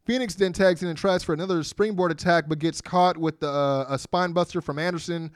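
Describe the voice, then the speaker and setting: A man's voice: a little high, fairly even intonation, a little fast, smooth, no echo, studio quality. A man co-hosting a podcast, recapping a wrestling match move by move in a casual way with fillers. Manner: play-by-play recap with fillers and laughs. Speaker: podcast co-host.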